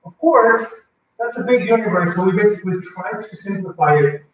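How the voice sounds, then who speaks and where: A man's voice: high voice, lively intonation, brisk, a little hiss or hum. A man presenting a language-learning workshop to a live audience, talking conversationally and often asking the audience questions. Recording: echoey, dull, mic far away.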